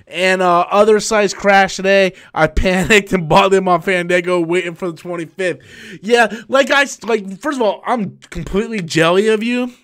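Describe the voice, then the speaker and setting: A man in his thirties hosting a live stream, tired after a long work shift, talking excitably and rambling with frequent restarts while he answers viewer messages. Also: high-pitched, clear, resonant tone. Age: 30s. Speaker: YouTube channel host.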